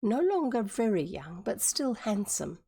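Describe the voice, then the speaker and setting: Gravelly New Zealand woman reading aloud. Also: medium pitch, big pitch swings, mellow. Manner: chatty asides, pauses to explain words. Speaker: streamer reading a book aloud. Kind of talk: live-streamed book reading.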